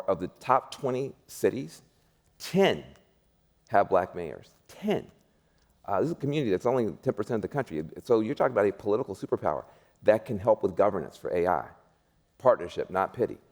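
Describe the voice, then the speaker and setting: A man's voice: lowish voice, darkish tone. A man speaking as a panel guest, emphatic and rousing, repeating his points like a preacher. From United States. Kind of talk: panel discussion.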